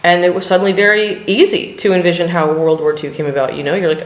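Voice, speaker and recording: Talking quickly with few pauses, an American vlogger rambles in her cold home art studio, her low voice fairly even in intonation. Plenty of fillers and an occasional swear word come through in the echoey room.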